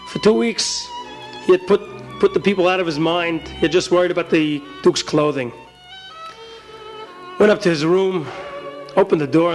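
A man narrating a folk tale in an animated, folksy way. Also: a little high. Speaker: storyteller. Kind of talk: storytelling narration.

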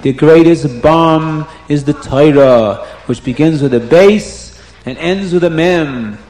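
A man telling a religious story to children, animated and emphatic, slowing down on key words. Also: fairly high pitch. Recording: roomy echo.

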